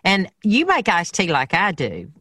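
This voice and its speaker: A Southern American woman hosting a chat, her voice sitting a little low. She asks eager questions in a friendly, talkative way, recorded close and dry. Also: wildly swooping pitch, a little slow, a bit bright, no room sound. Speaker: host. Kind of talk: casual interview.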